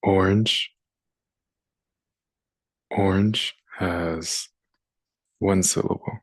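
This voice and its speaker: Slow, low-voiced man teaching phonics. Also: flat delivery, dry recording. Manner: slow and deliberate, sounding out words. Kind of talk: phonics lesson.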